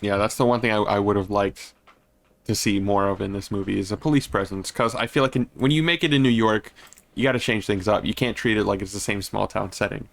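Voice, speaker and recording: Easygoing low-voiced man chatting. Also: steady tone, brisk, gravelly. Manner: easygoing, agreeable. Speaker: podcast co-host. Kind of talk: casual movie chat.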